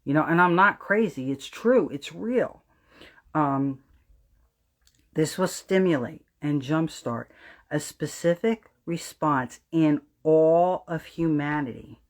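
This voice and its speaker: Slowly and emphatically, a woman with a New Jersey accent preaches to viewers of her spiritual astrology livestream. She doesn't hold back on swearing, and she drops to a low, intent register to underline things.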